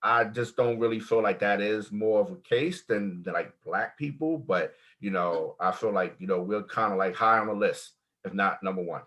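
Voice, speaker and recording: A man's voice: fairly low pitch, moderate pace, hardly any pauses, fairly bright tone. A man joining a casual panel discussion, talking loosely with many fillers.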